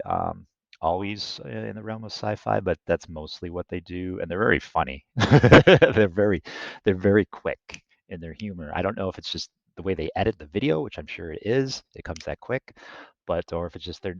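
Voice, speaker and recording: A man with a deep, gravelly voice that drops into fry as he rambles through his channel recommendations, stopping and restarting often. The recording sounds dull and dry, with no room around it. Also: no room sound. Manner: rambling, with many fillers and restarts. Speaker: channel host. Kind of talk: casual recommendations.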